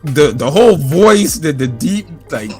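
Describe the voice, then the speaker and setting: A man's voice: a little high, lively intonation, unhurried, mellow, soft background music. Loose, profane man in boxing banter. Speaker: podcast co-host. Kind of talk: casual boxing chat.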